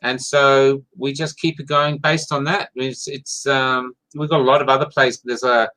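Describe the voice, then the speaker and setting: A man's voice: medium pitch, little pitch movement, moderate pace, bright, forceful tone, rough recording. Male playwright, casual storyteller, enthusiastic, mid voice. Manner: enthusiastic storyteller, rambling with restarts. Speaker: playwright and theatre maker. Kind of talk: casual chat.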